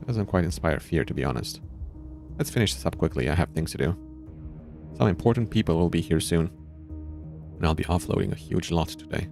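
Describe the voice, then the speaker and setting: A smug, scheming crime boss taunts in a deep, gravelly voice, as a man reads him aloud. He talks in a mocking, evasive way. Faint music plays underneath. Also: expressive, a little fast, long pauses. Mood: dismissive. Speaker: villain in a narrative game.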